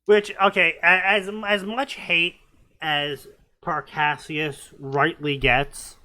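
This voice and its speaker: A man's voice: a little high, fairly even intonation, slow pace, pushed and bright, no echo. A man joking and rambling while commenting on fanfiction with friends. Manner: rambling, joking, puts on goofy voices. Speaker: co-host reading fanfiction. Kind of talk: comedic commentary chat.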